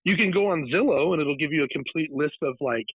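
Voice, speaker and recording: A man's voice: a little high, fast talker, slightly rough, no echo. A man from California, a guest author and paranormal investigator, telling a long rambling story in a casual interview. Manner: rambling, digressive storytelling with many restarts. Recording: tinny phone-like line, dry.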